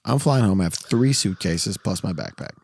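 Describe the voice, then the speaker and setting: A man's voice: low-pitched, expressive, normal speed, gravelly, a little mellow, breathy edge. A man hosting a podcast in casual chat. He tells stories, laughs often and quotes people in his own voice. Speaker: podcast host.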